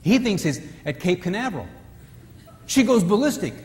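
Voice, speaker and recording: High-voiced man telling stories in a hall. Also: normal speed. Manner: animated storytelling, acting out characters. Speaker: retreat speaker. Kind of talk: humorous marriage seminar talk. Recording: reverberant hall.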